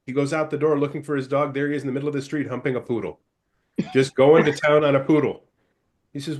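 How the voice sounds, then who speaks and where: A man on a talk show panel telling a joke casually, acting out the voices of the people in it. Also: mid-range voice. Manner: brisk storyteller, animated quoted voices.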